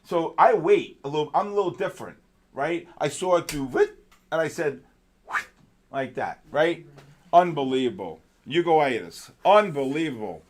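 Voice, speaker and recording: An excitable male host with a fairly high voice runs a live trading stream. He is chatty and animated, calling out to viewers one after another. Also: normal speed.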